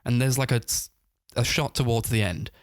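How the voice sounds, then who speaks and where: A man's voice: medium pitch, normal speed, no room sound, studio quality. A man co-hosting a casual film review podcast, retelling scenes in a rambling way full of fillers and laughing as he goes. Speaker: podcast co-host.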